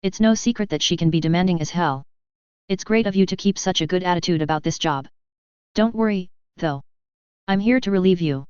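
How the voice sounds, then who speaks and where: A woman reading the lines of a calm, firm male ex-Marine sergeant in an even, professional way. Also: lowish voice, a little fast, smooth, no room sound, lightly acted. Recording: dull, muffled recording.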